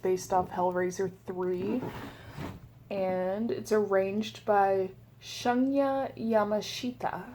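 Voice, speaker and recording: A young woman talks casually through an unboxing at home, joking around and drifting into rambling asides. Her voice sits at a middle pitch. A faint hiss stays in the background. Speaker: vlogger.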